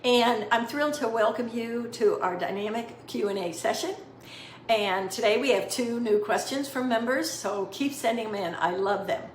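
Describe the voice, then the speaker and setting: A woman's voice: on the high side, normal speed. A middle-aged woman hosting a caregiving advice talk, upbeat, earnest and encouraging. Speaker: host. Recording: echoey room with faint noise.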